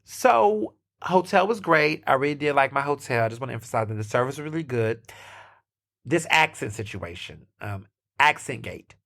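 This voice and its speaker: A man's voice: mid-range voice, animated, moderate pace, creaky, fairly bright tone. An American man hosting a podcast, telling a story in a chatty way, full of fillers, restarts and sassy asides. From United States. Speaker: podcast host. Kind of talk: casual solo storytelling.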